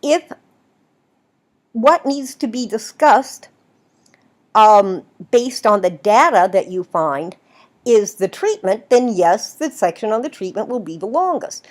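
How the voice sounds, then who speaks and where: A woman's voice: mid-range voice, slow. A woman teaching a writing class in a recorded video lecture, explaining at length and checking in with "right?" as she goes. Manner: lively, explanatory, asks "right?" often. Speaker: writing instructor.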